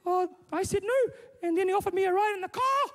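A man voicing a young schoolgirl breathlessly telling her father a frightening story, in a high, squeaky put-on voice. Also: quick pace, fairly bright tone. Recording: echoing hall, live audience noise.

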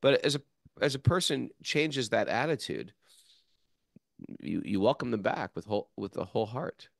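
A man co-hosting a casual devotional talk, explaining at length and teasing his co-hosts in a relaxed way. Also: medium pitch, moderate pace, gravelly, no echo, clean studio sound. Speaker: podcast co-host.

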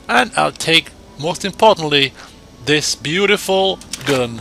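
A man with a gravelly voice giving excitable let's play commentary, dropping to mutters and then bursting into shouts, with game music behind. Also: a little high, takes it slowly. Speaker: gamer. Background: game music and sound effects.

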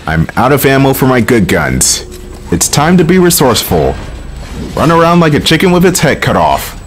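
This man's voice sits in the middle range with huge pitch swings, and a slight hiss or hum runs under the recording. He's doing casual let's play commentary from home, wry and foul-mouthed, with quick flashes of frustration.

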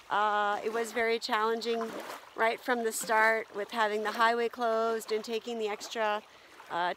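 A woman filming a solo camping vlog outdoors at a lake portage, talking reflectively with many pauses and ums. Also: fairly high pitch, fairly bright tone, slight background noise.

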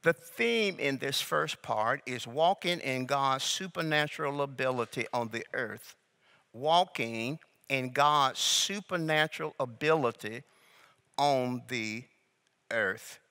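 A man's voice: mid-range voice, creaky, bright, forceful tone. A male pastor teaching a sermon, drawing out key words and coaxing the congregation to repeat phrases back to him. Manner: slow, deliberate emphasis on key words. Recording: long hall reverb.

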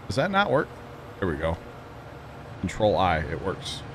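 A man's voice: low voice, huge pitch swings, a little slow, slight background noise. Joking Midwestern man streaming a game. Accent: American Midwestern. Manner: joking, self-mocking, laughs often. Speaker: livestreamer. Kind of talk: casual gameplay chat with viewers.

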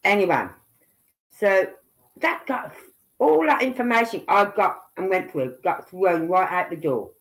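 A woman's voice: mid-range voice, animated, a little slow. A woman from England with a Birmingham accent, chatting casually on a livestream and thinking aloud as she goes. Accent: Brummie (Birmingham). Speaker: livestream commentator.

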